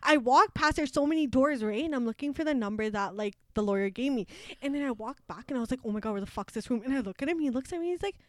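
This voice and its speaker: A woman's voice: high voice, lively intonation, fast talker, a bit bright, dry recording. A young woman in her twenties, a law student, telling a story in casual chat with lots of fillers, acting out quotes, laughing often.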